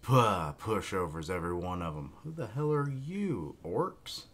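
A man's voice: low voice, very animated, measured pace, a bit bright, full character voice. A man reading as an arrogant orc chief. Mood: scornful.

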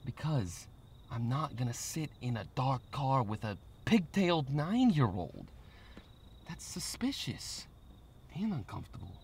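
A man's voice: mid-range voice, very animated, measured pace, creaky, a little mellow, a little hiss or hum. A young man playing a paranoid, bossy small-time dealer in a comedy sketch, with a put-on New York accent and a profane way of talking. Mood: suspicious. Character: paranoid young male dealer with a fake Long Island accent.

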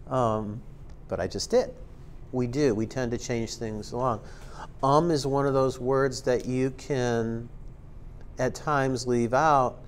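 A mid-range male voice, with slight background noise, guides viewers through a laid-back screen-recorded tutorial. As the instructor, he rambles, leans heavily on ums and likes, and cracks self-aware jokes.

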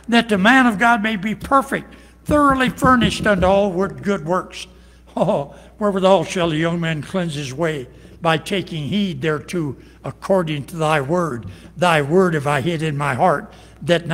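A pastor preaching an evening sermon, quoting scripture in animated, rising bursts. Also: male voice, high voice, in a large hall.

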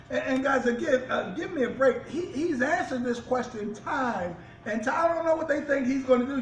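A man's voice: very high voice, moderate pace, hardly any pauses, reverberant, recorded from a distance, slight background noise, low-quality recording. A man, a pastor, preaching a sermon with rising fervor and repeated restarts.

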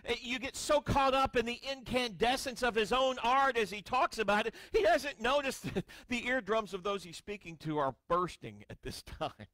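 Male pastor, sermon; high and very expressive, booming then hushed, dramatic scripture reading. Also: normal speed, few pauses, dry recording. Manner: storytelling with wry asides. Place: church sanctuary.

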